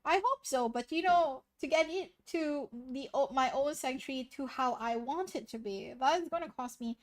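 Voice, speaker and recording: At a normal speed and a high pitch, a woman hosts a livestream and chats casually with her viewers. She comes across giggly, rambling and self-deprecating, slightly sniffly from sneezing, heard through a noise-suppressed desk microphone.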